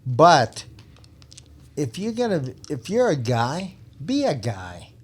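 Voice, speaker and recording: A man's voice: a little high, wildly swooping pitch, slow pace, husky. An older man, a retired police officer, telling stories in a blunt, emphatic way with frequent laughs on a podcast microphone. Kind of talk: casual storytelling.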